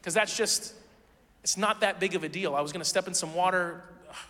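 A man's voice: sits high, brisk, sharp tone, big-room sound. A man preaching a sermon as pastor, in a casual, conversational way full of rhetorical questions.

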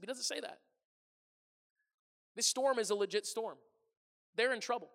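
A male pastor preaches a conversational sermon in a church sanctuary, and his voice echoes with a long reverb. His voice sits very high and sounds bright and forceful. He asks the congregation questions and acts out the people he quotes. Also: fairly quick, long pauses.

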